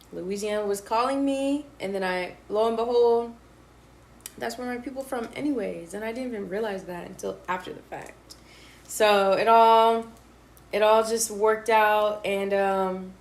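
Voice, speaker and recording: A young woman in her twenties chats casually in an interview, her voice sitting at an ordinary middle pitch. She tells her story with lively, slangy energy, often acting out what people said to her. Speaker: interviewee, college student. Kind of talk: casual chat.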